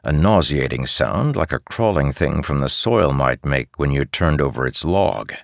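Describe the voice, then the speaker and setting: A male audiobook narrator with a very deep, low voice that still moves widely in pitch as he tells the story. The recording is dry and intimate. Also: expressive, moderate pace, creaky, no echo.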